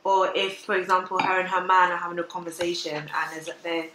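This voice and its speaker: A woman's voice: fairly low pitch, level tone, brisk. A woman hosting a casual chat show, talking in a chatty way and leaning on "like" a lot. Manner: chatty, leans on "like". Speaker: host. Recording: echoey room with faint noise.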